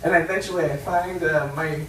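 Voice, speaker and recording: A man's voice: on the high side, fairly even intonation, brisk, a little hiss or hum. Male stand-up comedian, brash, profane, distant mic, echoey bar room. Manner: brash, profane, loud punchlines. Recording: roomy club sound from a distance.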